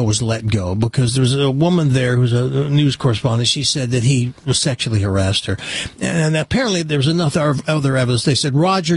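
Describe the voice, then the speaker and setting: A man's voice: mid-range voice, husky, dry recording. A man hosting a talk show, chatting with cohosts and telling a long joke in a sardonic, rambling manner. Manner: chatty, sardonic, stumbles and restarts. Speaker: radio show host.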